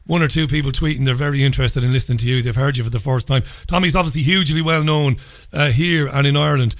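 A man's voice: mid-range voice, fast talker, no room sound, studio quality. A man hosting a live radio talk show in a chatty, upbeat way with rambling asides. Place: radio studio.

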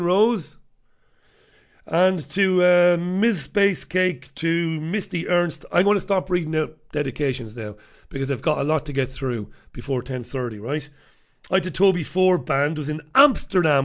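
A chatty Irish man hosting a loose live stream from a small studio. His voice sits a touch high for a man, and he rambles, mocks himself and greets viewers in a relaxed way. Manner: rambling, self-mocking, chatty. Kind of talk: casual live-stream chat. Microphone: desk microphone.

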